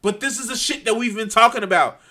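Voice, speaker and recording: A man ranting angrily to his viewers, swearing a lot, stumbling over restarts and swinging between quiet and loud. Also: high-pitched. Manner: profane, halting, many restarts. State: angry and frustrated. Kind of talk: angry unscripted rant.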